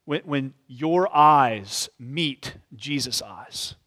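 A man preaching an expository sermon in a church. He talks reflectively and often softens his points with "sort of.". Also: mid-range voice, animated, very slow. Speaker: pastor.

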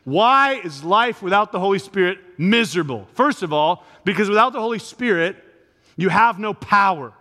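A male pastor preaches a sermon in a high, bright, forceful voice with lively intonation at a normal pace, speaking conversationally before building to emphatic peaks. A large hall gives the recording a long reverb.

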